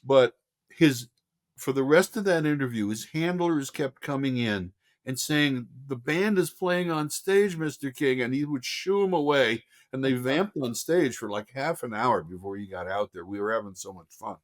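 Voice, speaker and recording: Older man, lively anecdote teller. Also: medium pitch, moderate pace. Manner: lively storyteller, acts out voices. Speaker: film director, guest. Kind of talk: casual anecdote telling.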